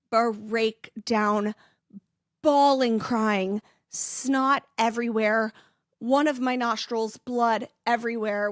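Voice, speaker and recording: A woman's voice: fairly high pitch, dry recording, studio quality. Chatty, rambling pregnant young woman. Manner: rambling, chatty, laughs often. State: heavily pregnant. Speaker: influencer and podcast host. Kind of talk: casual chat.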